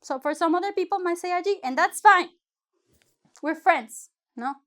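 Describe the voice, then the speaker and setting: A woman's voice: extremely high pitch, normal speed, a bit bright. A woman from Mexico, teaching a casual online lesson in a rambling, chatty way with lots of self-corrections. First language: Spanish. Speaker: Spanish teacher.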